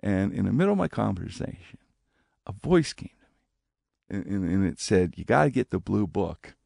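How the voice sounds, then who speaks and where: Gravelly man telling a lively story. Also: normal speed, no echo, clean studio sound. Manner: animated, acts out quoted speech with big pitch jumps. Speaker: guest telling a personal story. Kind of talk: casual spoken storytelling.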